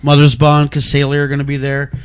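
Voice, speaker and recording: A man's voice: on the high side, completely flat delivery, fast, clean tone, dry recording. Chatty man rambling in a podcast. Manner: rambling, restarts mid-sentence. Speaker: film festival programming director, guest. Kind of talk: casual podcast chat. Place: Los Angeles.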